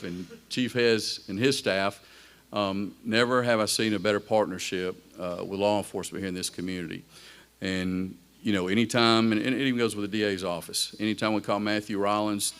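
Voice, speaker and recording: A man's voice: on the low side, a bit bright, smooth. A man, a police chief giving an earnest, grateful speech at a luncheon. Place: luncheon event room.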